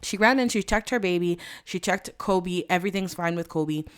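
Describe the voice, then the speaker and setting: Lower-voiced woman narrating gameplay dramatically. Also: moderate pace, clean tone. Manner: animated and dramatic, addresses viewers. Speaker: let's play host.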